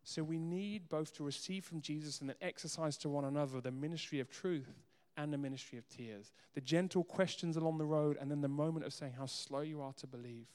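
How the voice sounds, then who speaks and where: A man preaching a sermon as pastor, earnest, moving between soft quiet asides and emphatic raised lines. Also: mid-range voice. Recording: long hall reverb.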